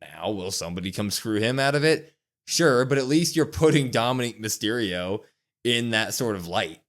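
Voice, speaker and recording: A man's voice: mid-range voice, animated, moderate pace, fairly bright tone. A man co-hosting a wrestling podcast, animatedly retelling a show's events and acting out what people said. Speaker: podcast co-host. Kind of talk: casual wrestling show recap.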